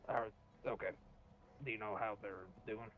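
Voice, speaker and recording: A man playing a ranger in a roleplay game, brisk and businesslike. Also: lowish voice, steady tone, narrow, tinny audio. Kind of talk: in-character roleplay chat. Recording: faint music behind.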